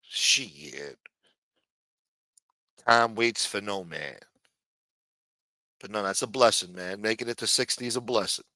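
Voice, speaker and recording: A man rambles through a casual livestream, cursing freely and ending half his sentences with "man." His voice is bright and forceful, and the sound is close and dry. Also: on the low side, moderate pace, long pauses, dry recording. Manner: rambling, profane, says "man" a lot. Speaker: livestream host.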